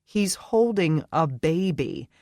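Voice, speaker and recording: A woman's voice: low voice, expressive, no echo, clean studio sound, full character voice. A narrator voicing a friendly, flustered woman who owns a shop, in an audiobook. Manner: brisk, warm, easily embarrassed. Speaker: shop owner. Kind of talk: audiobook character dialogue.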